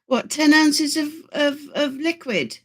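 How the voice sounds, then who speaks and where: An older woman hosting a live stream, chatting excitedly with viewers and rambling with many restarts. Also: high voice, slow pace. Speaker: channel host.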